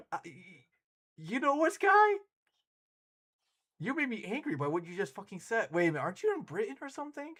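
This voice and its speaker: A man streaming and chatting casually with his viewers, excitable and quick to laugh and swear. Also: very high voice. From United States.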